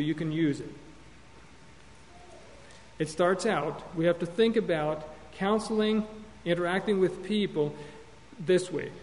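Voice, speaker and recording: Pitched high yet darkish in color, this male voice delivers a classroom-style sermon lecture on biblical counseling with real earnestness. Repetitions and self-corrections run throughout, and the recording has lengthy hall reverb under a faint hum.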